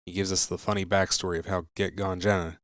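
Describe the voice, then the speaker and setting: A man's voice: sits low, little pitch movement, fast talker. A man hosting a podcast, introducing clips in a plain, easygoing way. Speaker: podcast host.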